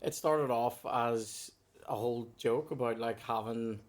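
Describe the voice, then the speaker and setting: A man chatting as a guest comic, his stories tumbling out with false starts and laughter. He talks at an ordinary middle pitch for a man. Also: unhurried. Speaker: guest comedian. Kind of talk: casual chat.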